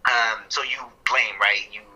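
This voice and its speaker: A man co-hosting a podcast, explaining counseling ideas in a casual, thoughtful way, working through his points with fillers and quick self-corrections. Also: lowish voice, fairly even intonation, bright, forceful tone, breathy edge, poor audio.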